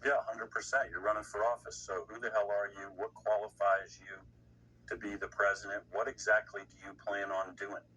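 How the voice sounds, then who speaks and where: A man's voice: on the low side, level tone, normal speed, sharp tone, slightly rough. A man giving political commentary, blunt and indignant, rambling with restarts. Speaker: guest commentator. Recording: distant mic with faint noise.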